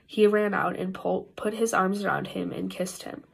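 Midwest lady reading the bible in church, kinda gravelly and husky, trips over a few words. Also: medium pitch, steady tone, normal speed. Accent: Upper Midwest American. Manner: careful reading with frequent slips and restarts. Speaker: scripture reader. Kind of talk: reading scripture aloud in worship.

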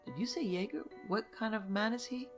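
A woman voicing a brisk former cavalry officer who asks direct questions. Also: sits low, vocal fry, dull audio, over music.

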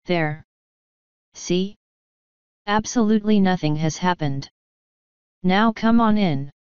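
A woman's voice: fairly low pitch, darkish tone, smooth, no room sound, lo-fi sound. A woman reading a bossy pompous wizard. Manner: brisk, bossy, impatient.

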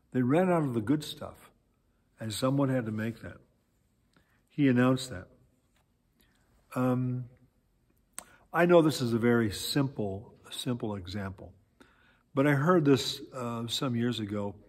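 Husky guy preaching a sermon, lively ups and downs, lots of uhs, big echoey church. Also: medium pitch. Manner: animated storytelling with many pauses and fillers. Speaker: pastor. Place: church sanctuary.

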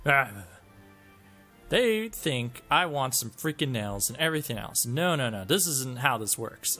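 A man's voice: mid-range voice, pushed and bright. A man giving sarcastic, joking let's-play commentary, often laughing and swearing at the game. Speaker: gameplay commentator.

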